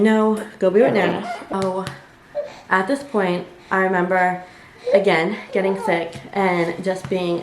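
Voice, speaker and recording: A young woman vlogger telling a personal story in a conversational way, with many fillers and quoted asides. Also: lowish voice. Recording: echoey room with faint ambient noise.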